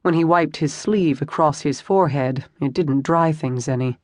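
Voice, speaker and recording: An audiobook narrator reading a historical romance in steady scripted narration, recorded on a close studio mic. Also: medium pitch, normal speed, no room sound.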